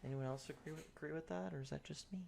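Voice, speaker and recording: A young man chatting casually while streaming a speedrun, excitable and swearing, breaking into laughter. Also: on the high side, rapid-fire, creaky, background noise. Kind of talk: casual live-stream chat while gaming.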